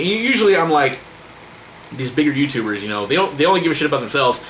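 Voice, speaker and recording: An exasperated man rants to his camera, swearing freely and stumbling over repeated words. His voice is bright and forceful, swings widely in pitch, and sits a little high. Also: lively intonation, fast talker, a little hiss or hum, low-quality recording. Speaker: vlogger. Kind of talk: heated rant to camera.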